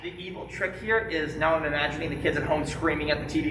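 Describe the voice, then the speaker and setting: A martial arts instructor teaching a live-streamed kids' class in a studio, calling out sharp commands and joking between drills. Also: mid-range voice, quick pace, distant mic, a crowd in the background. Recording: very echoey studio heard from afar.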